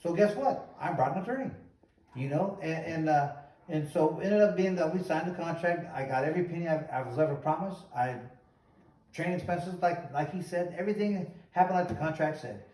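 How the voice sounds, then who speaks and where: A man hosting a show and telling a long story in an animated, casual way, often repeating "he goes". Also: on the high side, brisk. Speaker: host, former boxer. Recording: roomy echo, distant mic.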